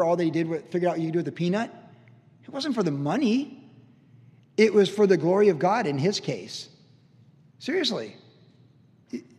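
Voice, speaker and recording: A man pastor giving a conversational, animated sermon, telling stories with frequent restarts. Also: high-pitched. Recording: long reverb of a church hall.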